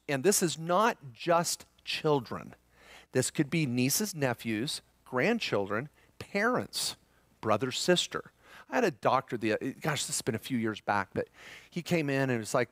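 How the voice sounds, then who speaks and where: A man's voice: mid-range voice, no room sound. A middle-aged man speaking to a live seminar audience, joking and upbeat, talking straight to the room.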